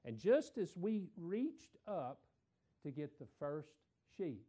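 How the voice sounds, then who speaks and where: A middle-aged man, a preacher telling a folksy story in a sermon, repeating words and swelling louder for emphasis. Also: on the high side, very animated, slow.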